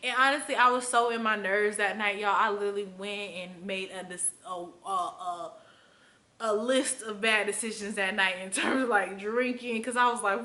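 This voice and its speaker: Bright, animated young woman from Florida. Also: moderate pace. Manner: animated, profane, loose with many fillers; acts out quotes with big pitch jumps. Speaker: vlogger. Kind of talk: candid storytime chat to camera.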